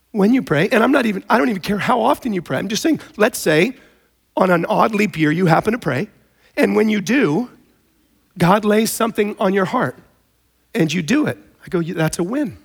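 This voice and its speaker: Gravelly-voiced preacher telling a story. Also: male voice, high voice. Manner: conversational storytelling with animated emphasis. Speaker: pastor. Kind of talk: sermon.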